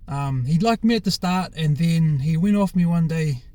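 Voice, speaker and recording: A man's voice: fairly high pitch, normal speed, dark tone, no echo. A young man with a New Zealand accent, telling his own story in a frank, casual way, with many fillers and restarts and some swearing. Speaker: former rugby player. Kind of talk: candid personal storytelling.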